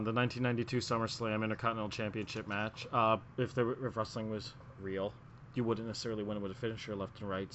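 A man's voice: on the low side, fairly bright tone, a little hiss or hum. Rambling man on a muffled podcast. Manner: rambling, lots of filler words and restarts. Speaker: podcast co-host. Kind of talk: casual wrestling podcast chat. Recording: muffled lo-fi audio.

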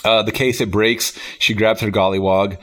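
A man's voice: on the low side, flat delivery, moderate pace, a bit bright. A man reviewing a film in casual podcast chat, rambling with lots of fillers and easy laughs.

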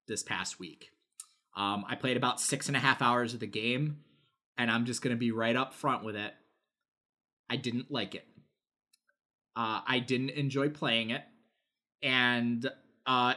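A man's voice: mid-range voice, fairly bright tone. A man co-hosting a gaming podcast, talking casually with lots of fillers and the odd swear word. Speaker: podcast co-host. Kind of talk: casual chat.

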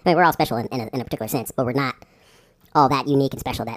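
A man in his forties co-hosting a casual chat podcast, laid-back and joking, quick to laugh. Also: medium pitch. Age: 40s. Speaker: podcast co-host.

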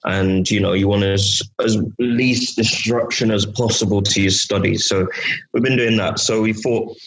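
A young man, a student, telling an animated story in a casual chat with friends. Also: on the low side, normal speed, poor audio. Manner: animated storyteller, laughing asides.

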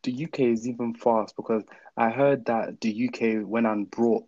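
A man's voice: medium pitch, steady tone, moderate pace, dark tone, dry recording, lo-fi sound. A young man co-hosting a podcast in casual chat, often laughing while he vents his frustration. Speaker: podcast co-host.

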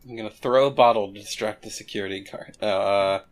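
A man's voice: on the low side, fairly even intonation, a little fast. A man playing a tabletop role-playing game, chatting offhandedly and reading out his character's moves. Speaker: player. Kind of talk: casual tabletop play.

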